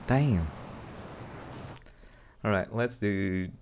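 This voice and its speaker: A man streaming flight simulator gameplay, excitably commenting on his flying and talking to chat. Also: fairly low pitch, a little slow, creaky, a little hiss or hum, low-quality recording.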